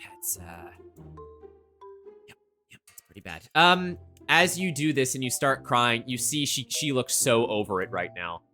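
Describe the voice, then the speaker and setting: A man runs a tabletop game, rambling loosely through his descriptions. His voice is bright and animated, with faint music underneath. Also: medium pitch, unhurried. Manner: loose, rambling, with fillers and restarts. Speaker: game master.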